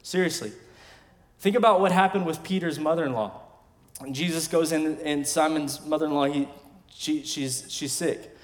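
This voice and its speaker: Emphatic pastor in reverberant hall. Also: male voice, fairly high pitch, normal speed. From West Texas. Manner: emphatic preaching that swings between loud declarations and quiet asides. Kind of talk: sermon. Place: large church sanctuary. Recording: long hall reverb from a church sanctuary.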